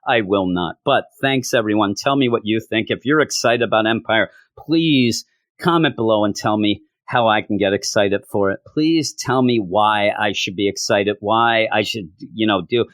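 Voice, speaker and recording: A man's voice: fairly low pitch, moderate pace, a bit bright, dry recording. Exasperated sarcastic male comic reviewer. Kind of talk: video review.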